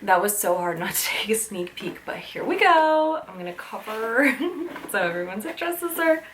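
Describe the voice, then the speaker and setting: A woman in her thirties chatting excitedly as she unboxes nostalgic items, gushing and gasping with delight and talking with plenty of fillers. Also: medium pitch, moderate pace, a little hiss or hum. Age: 30s. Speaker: vlogger.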